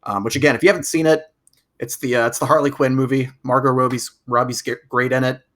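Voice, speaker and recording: A man co-hosting a movie podcast in loose, casual chat. His voice is bright and forceful. He rambles and stumbles over repeated words as he works through his thoughts. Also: mid-range voice, steady tone, quick pace. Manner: rambling, restarts with stacked repeats. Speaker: podcast co-host.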